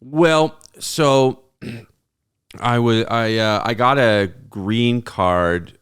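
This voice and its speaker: A man's voice: mid-range voice, extremely slow, a bit bright, smooth. A man guesting on a podcast in casual comedic chat, telling rambling stories and joking along. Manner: rambling storyteller, joking banter.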